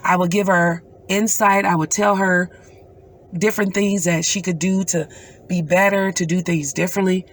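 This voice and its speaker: A middle-aged woman, a mother, telling a personal story in an earnest, emotional way with pauses. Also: on the low side, steady tone. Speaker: mother recounting a dream.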